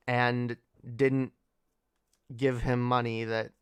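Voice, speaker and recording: A young woman hosting a livestream speaks in a slow, unhurried drawl with a smooth, resonant voice. She rants sarcastically, swears freely and laughs often. The sound is dry and close, with no room echo. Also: rumbling low, level tone. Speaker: livestream host. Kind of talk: casual late-night livestream rant.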